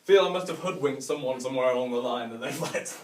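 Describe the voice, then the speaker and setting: Self-mocking Northern English comedian. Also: male voice, medium pitch, quick pace. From Northern England. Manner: chatty, self-mocking, with mild swearing. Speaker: stand-up comedian. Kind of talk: stand-up routine. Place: large hotel venue with a live audience. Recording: echoey room, distant mic, faint noise.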